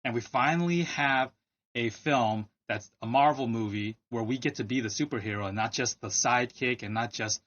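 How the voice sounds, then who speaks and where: A man's voice: mid-range voice, normal speed, fairly bright tone, dull audio. Wry joking man podcast co-host. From United States. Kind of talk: casual podcast chat.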